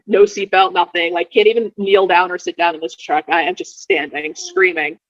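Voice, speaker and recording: A woman in her thirties, a podcast guest telling her birth story casually, with lively delivery and quick repeated words. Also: lowish voice, dry recording. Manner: animated, repeats words when rushing, acts out quoted dialogue. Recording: dull lo-fi dry sound.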